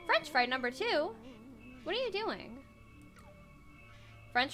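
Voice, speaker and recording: A woman's voice: fairly high pitch, very animated, moderate pace, long pauses, a bit bright. A young woman giving casual let's-play commentary, chatting, swearing and talking to the game characters as she plays. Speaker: gaming video creator. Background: game music.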